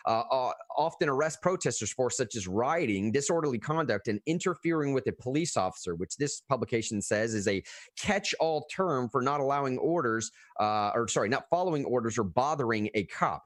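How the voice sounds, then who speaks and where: A man talking casually about politics as a podcast co-host, animated and often restarting his phrases. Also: medium pitch, dry recording, studio quality.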